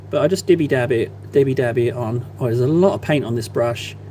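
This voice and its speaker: A man with a slightly higher-than-usual voice chats playfully with his live-stream viewers while he paints miniatures, teasing them in a mock-innocent way. A faint hum sits under the recording. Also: darkish tone. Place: at a desk, painting.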